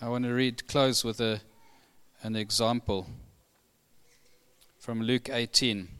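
A man preaching a sermon, building to fervent emphasis and then settling into quiet earnestness. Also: mid-range voice, fairly even intonation, takes it slowly, clean tone. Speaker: pastor. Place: church hall.

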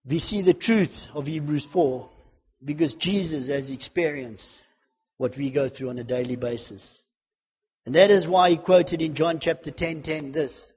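A male preacher with a husky, slightly high voice delivers a fervent sermon, building repeated refrains and swinging from loud declarations to hushed intensity. His voice rings with a long church reverb on a dull, muffled recording. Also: unhurried. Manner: repetitive, builds lists and refrains.

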